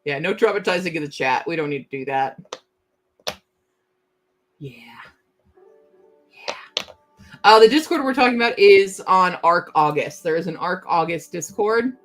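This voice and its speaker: A woman's voice: fairly low pitch, animated, moderate pace, pauses often, soft background music. A young woman hosting a casual livestream from home, chatting and giggling as she answers her chat aloud. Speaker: livestream host.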